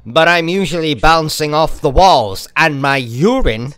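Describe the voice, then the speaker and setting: A man playing a grizzled, coffee-addicted male detective in a spoof sponsor ad, deadpan and faltering. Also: a little high, a little slow, clear, resonant tone, no echo.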